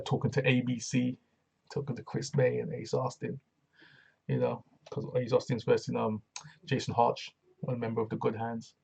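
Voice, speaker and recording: A man's voice: medium pitch, vocal fry, a little mellow. A man casually reviewing a wrestling show, laid-back and slangy, with lots of fillers.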